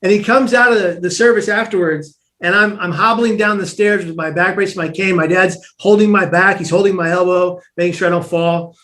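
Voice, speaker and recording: A man as an interview guest, telling a personal story in an animated way, acting out the voices of the people in it and often restarting his sentences. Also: high voice, a little fast, hardly any pauses.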